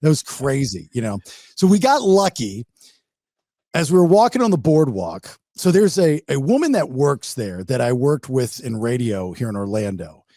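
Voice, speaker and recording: A man hosting a podcast, telling a story in a casual, animated way and acting out the quotes. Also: medium pitch, moderate pace, no echo, clean studio sound. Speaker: podcast host.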